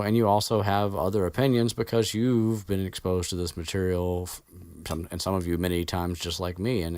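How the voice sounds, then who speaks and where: A man with a very deep voice talks through a book recap in a loose, meandering way, stumbling over restarts and swearing offhandedly. The recording is dry, with no room sound. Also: a little mellow, no room sound. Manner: rambling, full of fillers and restarts, swears offhandedly. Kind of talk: casual book recap chat.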